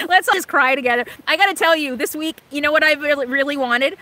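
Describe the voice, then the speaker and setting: A woman with a high, bright voice chats casually on a live stream, answering viewer comments as she goes. She rambles emotionally and often restarts her sentences. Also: fast, hardly any pauses, slight background noise, rough recording. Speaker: vlogger hosting a live stream. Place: RV camp in Alaska.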